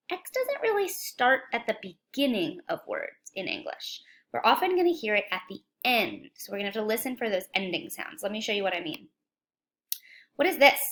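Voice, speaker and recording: A woman teaching a children's phonics lesson, speaking slowly and clearly, encouraging and asking young viewers questions. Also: medium pitch, a bit bright. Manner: slow, clear, encouraging, asks questions to kids.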